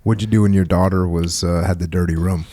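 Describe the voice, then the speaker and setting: A man's voice: sits low, steady tone, fast talker, mellow, no echo. A man, the podcast host, mostly listening and giving short assents.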